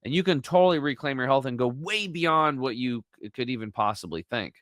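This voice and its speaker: A man's voice: medium pitch, animated, a little fast, fairly bright tone, no echo. A man talking as a podcast guest, telling his story and acting out quoted dialogue with animation. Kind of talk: conversational storytelling.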